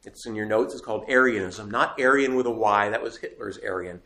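A man's voice: fairly low pitch, brisk, pushed and bright. A man teaching a faith class to a live audience, emphatic and asking the room questions. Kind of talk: lively classroom lecture. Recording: echoey room.

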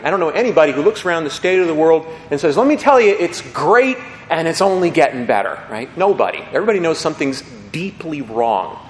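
A man's voice: mid-range voice, a little hiss or hum. A man preaching a homily as a priest, conversational and folksy, often checking in with his listeners. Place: church. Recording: echoey church with long reverb.

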